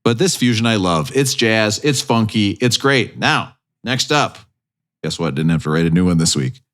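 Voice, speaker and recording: A man's voice: fairly low pitch, normal speed. Jokey male podcast host. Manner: playful, jokey, deadpan punchlines. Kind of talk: joking podcast banter.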